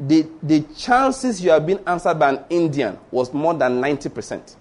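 A middle-aged Nigerian pastor with a Yoruba accent delivers a sermon. His voice sits fairly high for a man. He tells stories with animation, acts out dialogue and throws rhetorical questions at his listeners. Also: expressive, moderate pace, few pauses, a little mellow.

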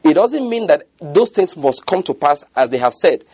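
Husky preacher, emphatic. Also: male voice, fairly high pitch, sing-song, moderate pace, a little mellow, no echo. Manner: emphatic, keeps asking if listeners follow. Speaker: pastor. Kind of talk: sermon.

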